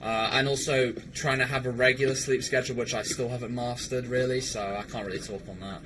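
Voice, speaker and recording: A young man chats casually with viewers while streaming a game, rambling, stammering and swearing. His voice is medium-pitched, steady and brisk, with a noisy background.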